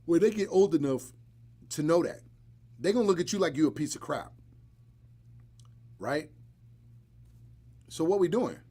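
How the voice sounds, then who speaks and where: A man's voice: fairly high pitch, a little slow, pauses often, slightly rough. A man hosting a live podcast, chatting casually and bluntly with joking asides. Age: adult, married. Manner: blunt, joking, animated storytelling. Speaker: podcast host.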